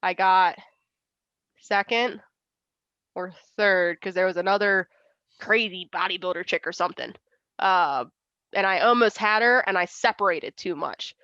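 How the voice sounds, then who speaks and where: A young woman chats casually as an interview guest, laughing often and acting out what others said. Her voice is at a middle pitch for a woman. It comes through dry and slightly dull, like a video call. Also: measured pace, pauses often, pushed and bright, no room sound. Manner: chatty, laughs often, acts out quoted voices. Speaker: interview guest, arm wrestler.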